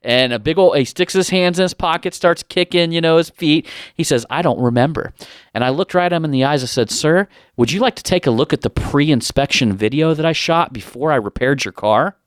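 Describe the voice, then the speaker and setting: A man spins a long story in easy podcast chat, slipping into other people's voices as he goes. His voice is smooth and resonant, and the sound is dry and close to the mic. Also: a little high, brisk, hardly any pauses, dry recording. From Ohio, USA. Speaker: podcast host. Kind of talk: casual storytelling.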